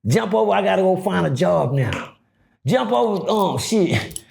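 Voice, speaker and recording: Animated gravelly-voiced man telling stories. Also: a little slow, a little hiss or hum. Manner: acts out voices, swings pitch widely, swears freely. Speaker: guest telling prison stories. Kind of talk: animated storytelling.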